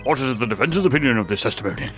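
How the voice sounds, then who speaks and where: A man's voice: medium pitch, expressive, rapid-fire, a bit bright, faint music behind, natural voice. A man voicing a fussy, easily distracted old judge in a fan game dub, ponderous and a bit dithering. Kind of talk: casual fan voice-over of a game.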